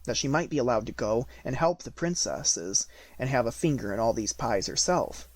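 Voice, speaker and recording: A man narrating an audiobook of a classic fairy tale at a steady, measured pace. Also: medium pitch. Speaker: audiobook reader. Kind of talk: storybook narration.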